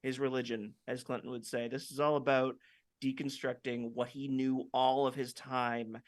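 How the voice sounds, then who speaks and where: A man co-hosting a casual podcast, reviewing a TV episode and quoting lines in animated voices. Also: mid-range voice, moderate pace, dry recording. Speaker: podcast co-host.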